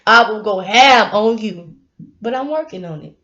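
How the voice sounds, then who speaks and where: Lively woman vlogger, lo-fi sound. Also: mid-range voice, normal speed. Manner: animated, laughing, sudden loud bursts. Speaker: YouTube vlogger. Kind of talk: casual motivational talk to camera. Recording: dull lo-fi sound.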